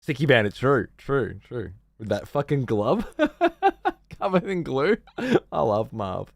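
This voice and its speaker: Aussie bloke on a stream, swearing, rambling sarcastic rant, mid voice, dry sound. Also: male voice, mid-range voice, very animated, slow pace, creaky, no echo. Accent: Australian. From Australia. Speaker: livestreamer. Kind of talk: casual livestream rant.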